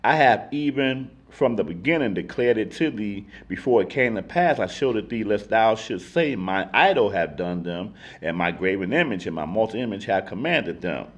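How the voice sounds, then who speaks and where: A man's voice: fairly low pitch, expressive, moderate pace, few pauses. A man in ministry leading a casual Bible study, talking earnestly with emphatic restarts and reading scripture aloud. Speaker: ministry teacher.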